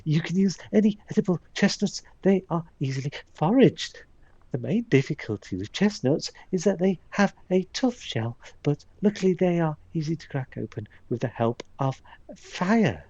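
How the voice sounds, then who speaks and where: A man's voice: a little high, animated, normal speed, mellow, breathy edge, no room sound, lo-fi sound, voice pushed up. A man voicing a prim young female servant who reads out her recipes in a sweet storybook tone.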